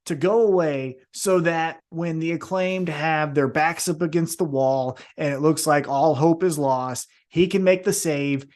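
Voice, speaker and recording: Animated, swearing male podcast co-host. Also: fairly high pitch, measured pace, hardly any pauses. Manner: animated, swearing, acts out wrestlers in jumpy voices. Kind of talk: casual podcast chat.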